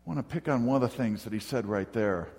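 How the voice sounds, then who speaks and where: A man delivers a sermon in a calm, conversational, storytelling manner, slipping in light humor as he goes. His voice sits at an ordinary middle pitch for a man. The sound carries a long hall reverb, as if recorded in a large church. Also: fast. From northern United States. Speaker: pastor.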